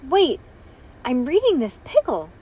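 A woman's voice: sits high, huge pitch swings, a little slow, warm tone, voice pushed up, full character voice. A woman reading as a bold, scheming little girl. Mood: eager. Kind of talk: reading aloud to a child.

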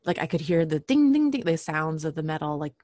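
A woman telling a personal story casually, halting often with fillers and restarts and clearing her throat now and then. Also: deep voice, sing-song, a little mellow, dry recording, studio quality.

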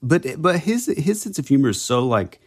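A man's voice: on the high side, big pitch swings, moderate pace, darkish tone. A middle-aged man co-hosting a podcast, chatting casually and agreeably, often trailing off mid-thought. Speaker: podcast co-host. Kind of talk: casual chat.

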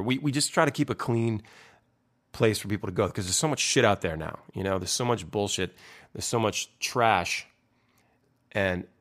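Young male band singer, deep voice, loose and candid, rambling with frequent swearing. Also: a bit bright. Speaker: band singer explaining his lyrics. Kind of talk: casual talk about song lyrics.

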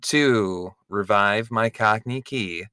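A man's voice: lowish voice, pushed and bright, smooth, no echo, studio quality. A man co-hosting a podcast, casually bantering and teasing in a wry, argumentative way. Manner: wry, quick to argue and tease. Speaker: podcast co-host.

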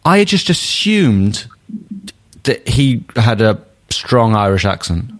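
A man's voice: medium pitch, sing-song, takes it slowly. A man co-hosting a casual football podcast, blunt and jokey, swearing freely. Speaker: podcast co-host.

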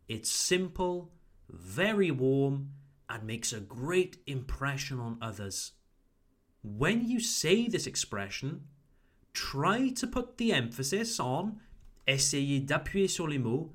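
A man hosting a podcast lesson, repeating model phrases slowly and clearly for learners to practise. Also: mid-range voice, big pitch swings. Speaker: English teacher, podcast host.

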